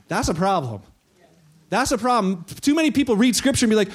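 Male pastor with a high voice, preaching through anecdotes and playing every quoted voice himself. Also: lively intonation, a little fast. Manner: storytelling, acts out quoted voices. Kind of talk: sermon.

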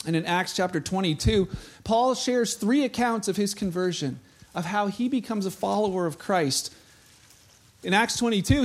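A pastor preaching a sermon in a conversational, animated way, speaking straight to his congregation. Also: high-pitched.

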